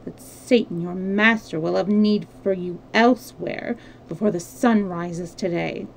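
A woman reading the lines of a sly, sarcastic French male agent in a smooth, mocking voice. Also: lowish voice, unhurried, a little hiss or hum, poor audio. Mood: sardonic. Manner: smooth, mocking, quietly menacing.

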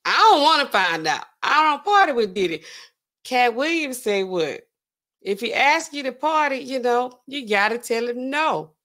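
A woman hosting a live gossip stream, talking in loose, slangy bursts and laughing often. Her voice sits fairly high for a woman and swings up when she gets worked up. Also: lively intonation, moderate pace, a bit bright. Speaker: pharmacist host.

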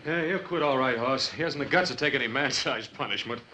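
An actor playing a stubborn, dutiful eldest son who talks in a clipped, stern way in a 1950s TV western. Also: male voice, mid-range voice, brisk, very noisy, natural voice.

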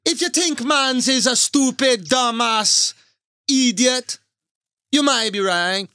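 A man co-hosting a comedy podcast, teasing loudly and riffing in casual banter. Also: very high voice, dry recording. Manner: teasing, loud, quick to riff. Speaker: podcast co-host.

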